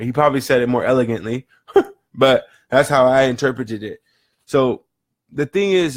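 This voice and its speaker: A motivational vlogger gives an earnest, rambling monologue, reflective and casual, often repeating words as he thinks aloud. His voice is medium-pitched, and the recording is dry with clean studio sound.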